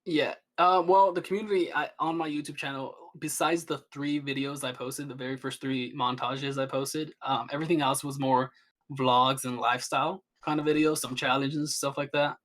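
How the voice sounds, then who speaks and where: A man's voice: medium pitch, fairly even intonation, moderate pace, fairly bright tone. A young man chatting as a podcast guest, rambling with many restarts and fillers. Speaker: guest streamer. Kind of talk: casual podcast chat.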